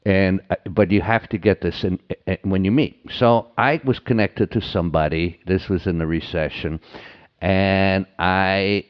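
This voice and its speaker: A man's voice: low voice, steady tone, a little slow, clear, resonant tone, highs cut off. A man, a marketing consultant, chatting as a guest in an interview, telling anecdotes, acting out the lines of people he quotes, and often checking in with "right?". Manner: anecdotal, acts out quoted dialogue, frequent "right?". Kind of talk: casual interview chat.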